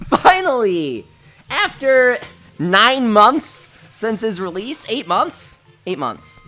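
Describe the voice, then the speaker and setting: A woman streaming a game live, giggling often and gushing with excitement over her pulls. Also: medium pitch, slow pace. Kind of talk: live-stream gameplay commentary. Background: faint game music.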